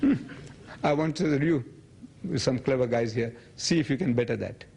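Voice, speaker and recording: A man's voice: medium pitch, moderate pace, creaky, husky. A man in his seventies answering audience questions at a public lecture, telling stories and acting out other people's lines. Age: 70s. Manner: animated storytelling, quoting others in raised voice.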